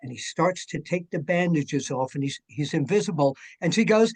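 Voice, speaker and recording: An older man chatting as a guest, telling stories in an energetic, jokey way. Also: a little high, normal speed, hardly any pauses, slightly rough. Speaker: guest, wrestling journalist. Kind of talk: casual chat.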